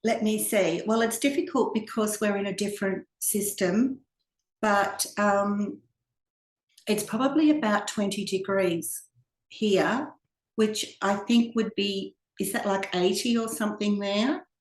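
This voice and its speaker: A woman with an Australian accent, an author answering interview questions over a video call in a relaxed, friendly way. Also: medium pitch, measured pace, roomy sound.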